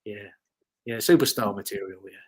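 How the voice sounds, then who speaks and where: With a lowish, slightly mellow and husky voice at a moderate pace, this former motocross rider from the UK, a man in his fifties, tells loose stories during an interview. He's a rambling storyteller who fills his speech with fillers and occasional swearing.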